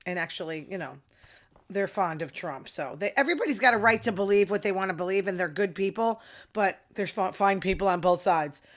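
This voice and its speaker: A woman's voice: mid-range voice, expressive, fairly quick. A middle-aged woman, hosting a casual opinion monologue with sarcastic asides. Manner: chatty, sarcastic asides, quoting others in voices. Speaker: podcast host.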